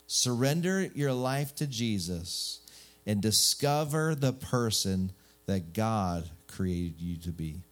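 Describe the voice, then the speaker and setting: A male pastor preaching a sermon in a lively, joking way, full of rhetorical questions. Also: fairly low pitch, slow, soft background music.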